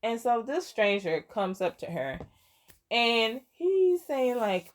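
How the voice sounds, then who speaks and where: A woman's voice: fairly high pitch, sing-song, slow pace. A young woman casually recapping a story game, rambling with lots of fillers and restarts, and often laughing in amusement. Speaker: gaming content creator.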